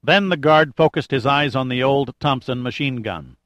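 A man narrates an action story at a measured, even pace, with his pitch sitting in the middle of the male range. The recording is dry and close, with no room sound at all. He reads like a steady audiobook narrator. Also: no echo. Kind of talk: scripted narration.

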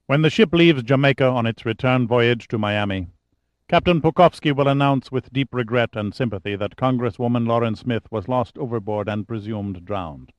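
A man's voice: mid-range voice, moderate pace, dry recording, close to an everyday voice. A man playing a cold Soviet agent. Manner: cold, disinterested.

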